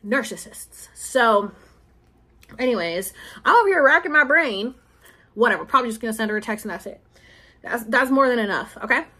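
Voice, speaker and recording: A woman's voice: fairly high pitch, lively intonation, a little fast, long pauses, pushed and bright. A young woman in her twenties talking casually and emotionally, rambling with many fillers as she shares a personal spiritual update. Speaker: spiritual vlogger and podcaster.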